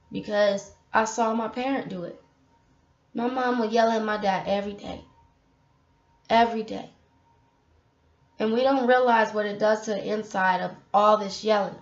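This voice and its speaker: A woman giving a casual, impassioned faith testimony straight to her viewers from her apartment. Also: medium pitch. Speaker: vlogger sharing faith testimony. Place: apartment room. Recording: roomy, dull lo-fi audio.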